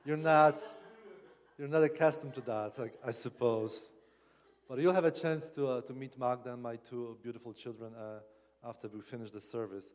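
A man from Poland with a Polish accent, preaching as a guest speaker in a humorous, halting way with many restarts. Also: mid-range voice, steady tone, a little mellow, big-room sound. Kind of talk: sermon. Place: church sanctuary.

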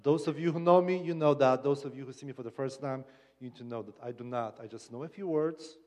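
A man from Poland with a Polish accent, preaching as a guest speaker in a humorous, halting way with many restarts. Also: mid-range voice, darkish tone, big-room sound. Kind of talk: sermon. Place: church sanctuary.

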